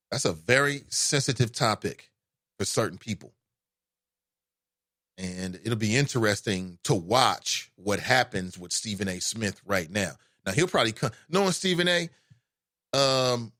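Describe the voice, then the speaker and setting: A man hosting a call-in talk show, giving casual commentary with an animated delivery that swings from loud emphasis to low asides. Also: no echo, clean studio sound.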